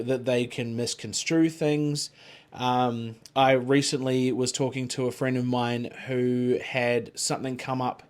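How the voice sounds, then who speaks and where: A man's voice: medium pitch, darkish tone. A man co-hosting a podcast, rambling in casual chat, swearing freely and padding his talk with filler words. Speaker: podcast co-host.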